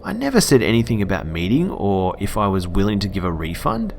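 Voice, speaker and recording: A man voicing a frightened, indignant young woman in a storybook reading, in a high, loud, insistent voice, with an Australian accent. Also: huge pitch swings, fairly quick, gravelly, slight background noise, full character voice.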